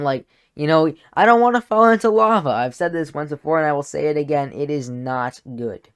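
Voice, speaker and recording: A man giving casual video-game commentary in an animated, exaggerated complaining manner. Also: mid-range voice. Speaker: gaming YouTuber.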